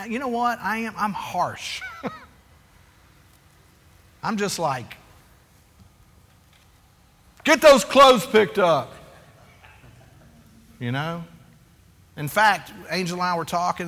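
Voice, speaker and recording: A man in his forties preaching a sermon as a pastor, animated and confessional, acting out quotes and calling for amens. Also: fairly high pitch. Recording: echoey hall.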